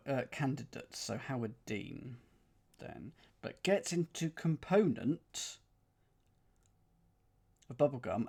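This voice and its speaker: A man's voice: medium pitch, a little mellow. Man muttering through crossword clues. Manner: muttering, repeats clues to himself, counts letters aloud. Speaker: puzzle streamer. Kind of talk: thinking aloud while solving live.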